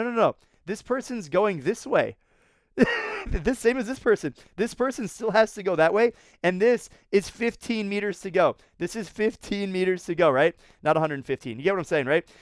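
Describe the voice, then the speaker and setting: A man hosting a swimming race recap, talking excitedly, laughing and often repeating himself. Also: high voice, smooth, no echo, clean studio sound. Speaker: swimming analyst host.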